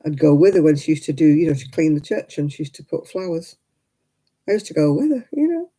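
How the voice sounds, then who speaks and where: A woman's voice: low-pitched, animated, brisk, warm tone, slightly rough, low-quality recording. An older woman, telling rambling personal stories in casual chat as host of a crafting livestream, full of "you know" asides.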